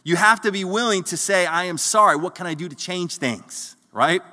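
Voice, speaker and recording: A man's voice: high-pitched, moderate pace, sharp tone. A man preaching a sermon as the pastor, earnest, often repeating words as he searches for them. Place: church hall. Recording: long church hall reverb.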